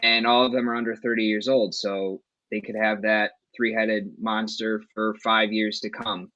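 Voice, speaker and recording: A man on a sports podcast, calmly breaking down a baseball team. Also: fairly low pitch, moderate pace, dry recording. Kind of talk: casual sports podcast chat. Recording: dull dry lo-fi mic.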